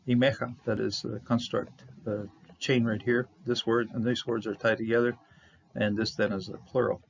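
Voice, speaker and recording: A man teaching a verse-by-verse Bible Hebrew lesson, halting with fillers and restarts, repeating words for stress. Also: medium pitch, creaky. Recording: dull lo-fi audio with faint noise.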